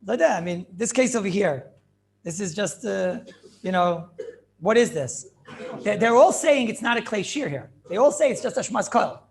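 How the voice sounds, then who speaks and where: A rabbi lectures a Talmudic class in an animated back-and-forth, his high, gravelly male voice moving at a moderate pace. He questions, answers his own questions and repeats phrases as he goes.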